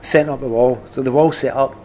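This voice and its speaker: Animated Glaswegian man telling stories. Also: mid-range voice, fast, slight background noise. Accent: Glasgow Scottish. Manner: animated, self-deprecating storyteller. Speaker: guest, former footballer. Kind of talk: casual conversation.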